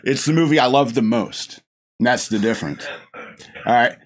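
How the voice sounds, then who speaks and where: A middle-aged male podcast host with a mid-range voice talks at a normal pace about a film he loves. His review is a casual ramble full of gushing, frequent chuckles, and many false starts.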